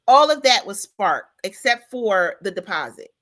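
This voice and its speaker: A woman hosting a casual chat show, telling her story in an animated way and calling out to her listeners. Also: mid-range voice, moderate pace, slight background noise. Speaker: podcast host.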